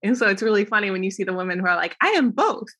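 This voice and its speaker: A young woman appears as a podcast guest, chatty and casual in an interview setting, laughing often and acting out what other people said. Her medium-pitched voice is steady yet sharp, and she talks at a racing pace.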